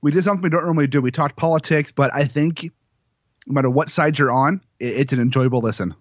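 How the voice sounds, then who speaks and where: A man co-hosting a podcast, chatting casually in a quick, wry, laid-back way. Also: fairly high pitch, no echo, dull audio. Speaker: podcast co-host.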